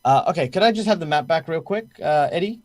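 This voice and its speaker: A man's voice: on the high side, expressive, fast, darkish tone, no echo, studio quality. A man narrating as game master of a tabletop game, talking in a hesitant way with many fillers.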